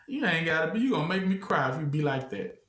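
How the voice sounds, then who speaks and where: Again in an echoey room, this preacher's high, bright voice carries as he teaches a small group call-and-response style, expressive and quick. He keeps asking questions and pausing so listeners can complete them, his speech casual rather than polished.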